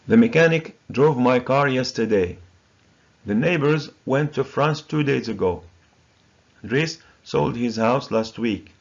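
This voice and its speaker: A male English teacher with a Moroccan accent walks through verb forms one word at a time, slow and deliberate. His voice is husky with a gravelly edge. The recording sounds dull and lo-fi. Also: medium pitch. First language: Moroccan Arabic. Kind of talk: recorded grammar lesson.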